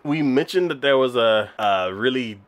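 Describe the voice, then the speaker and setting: In easygoing podcast chat, a man reviewing anime recounts scenes with lively, bouncing intonation. He's animated, laughs often, and leans heavily on fillers like "um" and "like."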